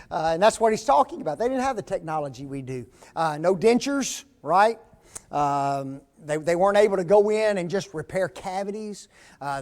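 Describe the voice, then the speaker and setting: Man, preacher, high voice, folksy sermon, asks the pews questions. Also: a little mellow. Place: church.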